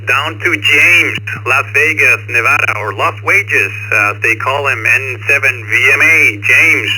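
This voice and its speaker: A man's voice: medium pitch, a little slow, pushed and bright, breathy edge, poor audio. A man hosting an amateur radio net, chatting in a friendly, jokey way with lots of fillers. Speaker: net control host.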